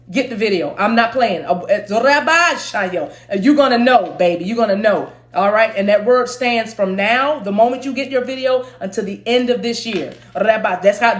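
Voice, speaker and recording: A woman with a fairly high voice leads a live spiritual reading in a rhythmic, preacher-like cadence. She slips into chanted tongues between her words and calls her listeners "baby". The room gives her voice a noticeable echo. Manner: animated, rhythmic, preacher-like delivery. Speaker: spiritual reader and channel host. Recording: roomy echo.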